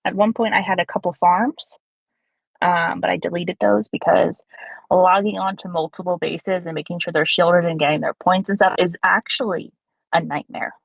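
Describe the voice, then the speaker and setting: Low raspy gal gabbing on a game stream, dry dull audio. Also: female voice, normal speed, no room sound. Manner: chatty, self-mocking, animated storyteller. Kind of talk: casual gaming chat.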